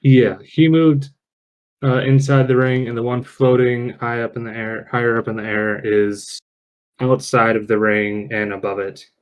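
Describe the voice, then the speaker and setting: A man running an online tabletop game as game master, describing the scene slowly and haltingly. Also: medium pitch, fairly even intonation. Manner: slow and halting. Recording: dull lo-fi call audio.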